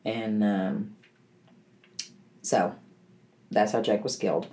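A woman's voice: rumbling low, steady tone, slow, warm tone. Earnest middle-aged woman telling her story. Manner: earnest, emotional storytelling with many restarts. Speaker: interview guest. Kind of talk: personal testimony in conversation.

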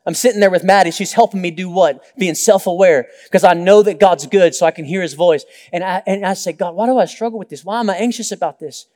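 High-voiced pastor preaching in a hall. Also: male voice, quick pace, few pauses, darkish tone. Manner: storytelling with acted-out quotes, joking asides. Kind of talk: sermon. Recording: long reverb of a large hall.

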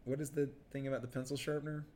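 A man chatting on a podcast, walking through a movie plot scene by scene. He rambles and restarts often, and his pitch sits in an ordinary middle range. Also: little pitch movement, racing, darkish tone. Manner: rambling, restarts, acts out quoted lines. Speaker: podcast co-host. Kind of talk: casual chat recapping a film.

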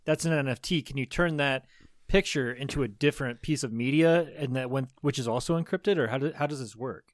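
A man's voice: medium pitch, fairly quick, dry recording. A young man from Iowa co-hosting a podcast with a clogged nose, laid-back and asking questions. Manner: laid-back, asks questions, laughs easily. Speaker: podcast co-host. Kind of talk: casual chat.

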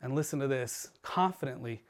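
A man preaching a sermon as a pastor, earnest and building, often dropping his voice low and soft for emphasis. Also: a little fast. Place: church livestream.

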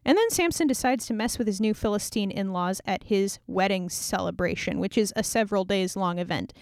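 A woman's voice: medium pitch, fairly quick, a little mellow, no echo, studio quality. Chatty, irreverent young woman storyteller. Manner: irreverent, chatty, sarcastic asides. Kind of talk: casual retelling of a scripture story.

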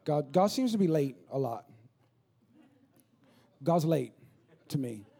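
A man in his thirties, a pastor, preaching a sermon in a conversational way that builds into rapid, repetitive crescendos. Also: on the high side, lively intonation, vocal fry, dark tone, breathy edge.

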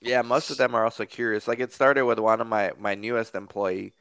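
A man's voice: mid-range voice, level tone, a little fast, a bit bright, clean tone, no room sound. A man hosting a podcast, chatting in an easygoing, agreeable way. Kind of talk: casual conversation.

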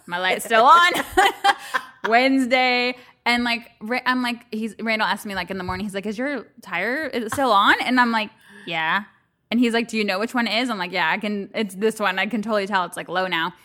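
A woman's voice: medium pitch, normal speed, pushed and bright. A woman co-hosting a casual chat podcast, telling stories with lots of swearing and frequent laughter. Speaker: podcast co-host.

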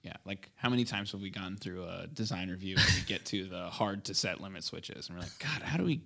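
A man co-hosting a casual talk show, dropping wry, teasing remarks and quick replies to his co-host. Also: sits low, fairly even intonation, vocal fry, sharp tone. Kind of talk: casual workshop chat.

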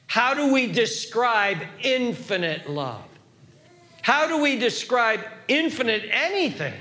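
A man preaching a sermon with dramatic, repetitive emphasis, dropping at times to a hushed whisper. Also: very high voice.

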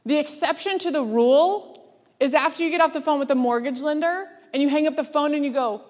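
Lively woman preaching in a hall. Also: high voice, fairly quick. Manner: lively, laughing, acts out quoted voices. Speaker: speaker. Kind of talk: sermon. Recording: long hall reverb.

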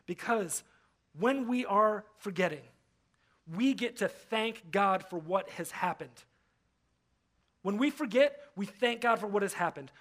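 A young adult man gives a sermon from the front of a church. His voice sits high for a man. He stays animated throughout, playing out other people's voices and repeating words for emphasis. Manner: animated, acts out quoted voices, repeats words when stressing a point. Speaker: pastor. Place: church hall.

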